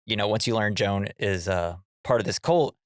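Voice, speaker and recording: A man's voice: fairly low pitch, normal speed, smooth, dry recording, studio quality. A man co-hosting a movie podcast, recapping scenes in casual chat and acting out the characters' lines. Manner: animated, acts out character lines. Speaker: podcast co-host.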